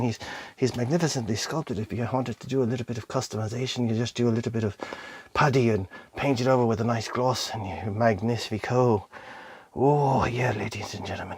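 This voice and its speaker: A man reviewing an action figure on his own channel, excitedly gushing and talking to the toy and his audience. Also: medium pitch. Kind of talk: enthusiastic toy review vlog.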